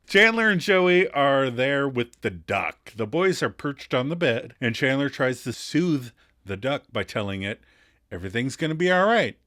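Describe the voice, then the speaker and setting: A man's voice: mid-range voice, very animated, unhurried, sharp tone. A man co-hosting a podcast, recapping an episode in casual, jokey chat and laughing often. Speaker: podcast co-host.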